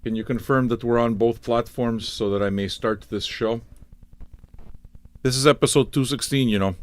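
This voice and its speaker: A man's voice: medium pitch, fairly even intonation, moderate pace, dry recording. A man hosting a live music stream show, rambling and swearing in playful exasperation. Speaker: radio show host. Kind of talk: casual livestream chat.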